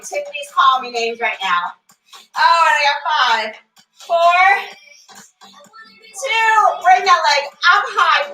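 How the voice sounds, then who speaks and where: Woman fitness instructor, upbeat rep counting, bright voice, echoey room heard from a distance, faint music behind. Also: sits high. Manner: upbeat, counts reps aloud, chats with class members by name. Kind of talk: live-streamed workout class cueing.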